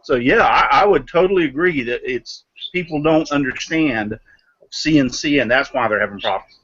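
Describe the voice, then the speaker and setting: A man's voice: mid-range voice, moderate pace, fairly bright tone, husky. Hesitant man, muffled call audio. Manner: hesitant, many fillers, explains with comparisons. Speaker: co-host. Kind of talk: live online hangout chat.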